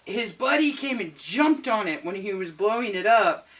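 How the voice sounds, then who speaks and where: A woman's voice: mid-range voice, animated, normal speed, a crowd in the background. A young adult woman co-hosting a casual chat, rambling with many fillers. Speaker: co-host.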